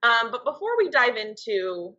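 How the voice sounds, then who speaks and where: A young adult woman, a writer and editor co-hosting a podcast, explains things loosely and conversationally in casual chat. Her slightly high voice is very animated, pushed and bright with a breathy edge, at normal speed, on dull lo-fi podcast audio.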